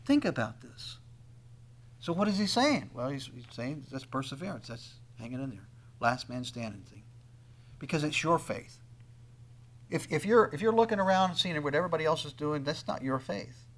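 Preacher with a slightly high, dynamic delivery. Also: male voice, very animated, moderate pace. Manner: swings between loud emphasis and quiet asides; acts out quoted speakers in conversational tones. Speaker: pastor. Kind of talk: sermon.

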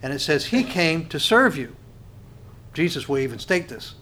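A man preaching a sermon, swinging between loud emphatic rises and quiet, slow phrases, often restarting and repeating words as he goes. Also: on the high side, very animated. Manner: restarts and repeats words while thinking aloud.

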